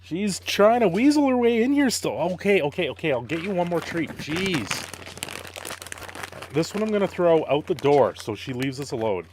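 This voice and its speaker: A man's voice: fairly high pitch, sing-song, normal speed, darkish tone, a little hiss or hum. A man casually chatting on a live stream, greeting viewers and playing with his dog, laughing often. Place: home.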